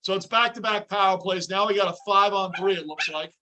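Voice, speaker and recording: Streaming live from his home basement, an excitable man reacts to a hockey game in a high, bright, brisk voice, yelling at the game and jumping to shouts on penalties and saves. Between calls he greets chatters by name. The highs in the audio are cut off.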